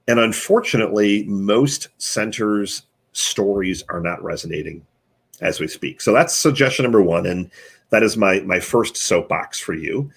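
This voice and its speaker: Hosting a live online chat, a marketing consultant walks a guest through his advice point by numbered point, sounding earnest and coaching rather than scripted. His voice is somewhat low and husky, with lively intonation at a normal speed.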